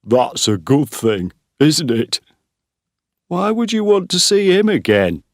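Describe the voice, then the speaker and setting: A man voicing a slow, lonely young farmhand who speaks bluntly and awkwardly in a storybook. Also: a little high, very animated, no echo, studio quality, voice pushed up.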